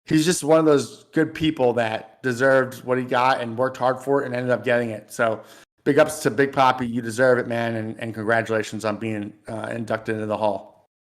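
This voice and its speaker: A man's voice: medium pitch, steady tone, normal speed. A male co-host on a casual sports podcast. He speaks with earnest, fan-like enthusiasm and often restarts his sentences as he talks.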